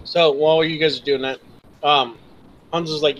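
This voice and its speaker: A man's voice: a little high, steady tone, moderate pace, pauses often, fairly bright tone, muffled recording, slight background noise. A man acting as game master, chatting casually and easygoing during an online tabletop session.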